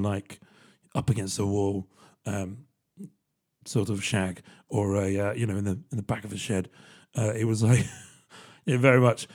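A young man hosts a casual solo podcast in an easygoing, rambling way. He laughs often as he talks, and his voice sits at an average pitch. He is chatty and relaxed in his delivery. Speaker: podcast host.

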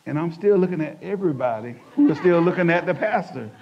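A man with a slightly high voice tells a sermon story from his own life, acting out the voices as he goes. The recording sounds dull and lo-fi. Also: expressive, fast talker. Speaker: church speaker giving testimony.

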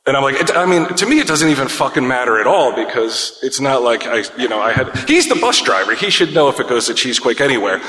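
A man with a bright, forceful voice spins a rambling, foul-mouthed story on a casual podcast, chuckling as he goes. The room is echoey with a long, hanging reverb. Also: mid-range voice, animated, fairly quick. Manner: rambling, profane, laughs through his own story. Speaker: podcast co-host.

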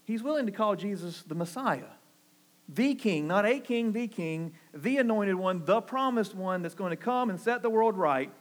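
A Southern man preaching a sermon in an earnest, pastoral way. His voice sits a little high for a man. He swings from emphatic, rising declarations to low, quiet asides. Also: expressive, normal speed, hardly any pauses. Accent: Southern American. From American South. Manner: earnest preaching, rising emphatic on key phrases, dropping low and soft for quotes.

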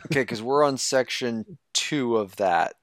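A man's voice: medium pitch, a little slow, fairly bright tone, dry recording, clean studio sound. A man in casual podcast chat, easygoing and hesitant, often stopping to correct himself. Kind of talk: casual chat about a video game.

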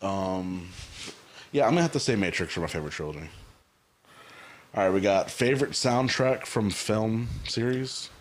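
A man chatting on a podcast in an easygoing, laid-back way, often pausing to think. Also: lowish voice, lively intonation, a little hiss or hum. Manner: easygoing, laughs often, hesitant. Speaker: podcast co-host. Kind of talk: casual chat.

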